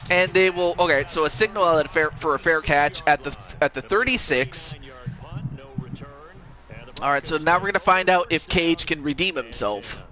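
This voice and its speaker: A man doing casual play-by-play commentary on a video game football match, excitable and rambling, with quick exclamations. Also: a little high, slight background noise, poor audio. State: has the hiccups.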